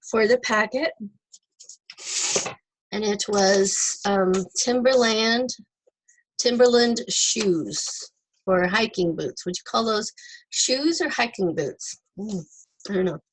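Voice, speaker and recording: A woman teaching an online English class, stepping slowly through word forms with example sentences. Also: on the high side, slight background noise, poor audio. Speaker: ESL teacher. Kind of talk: recorded online lesson.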